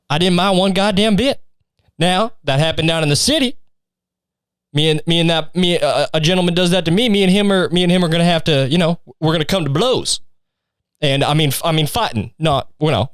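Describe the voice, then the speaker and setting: A young man rambles through a crude, insult-filled comic monologue. His voice sits a little high for a man and comes across smooth and resonant. The recording is dry and close, with no room sound. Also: no echo. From Canada. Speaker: podcast host. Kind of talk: solo comedy podcast rant.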